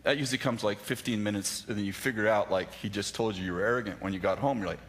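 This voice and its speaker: A man's voice: lowish voice, fast talker, fairly bright tone. A man telling a personal story in a sermon, self-deprecating, acting out the dialogue with many restarts. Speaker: pastor.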